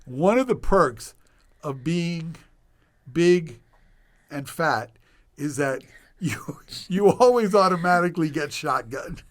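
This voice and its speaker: Older man, slow animated storyteller. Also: on the high side. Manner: animated, laughing storyteller with dramatic pauses. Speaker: doctor guest on a podcast. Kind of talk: personal storytelling in conversation.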